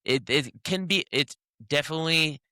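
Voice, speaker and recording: A man co-hosting a casual podcast, talking heatedly in halting bursts with many restarts. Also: a little high, pushed and bright, no room sound, clean studio sound. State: hiccups. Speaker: podcast co-host.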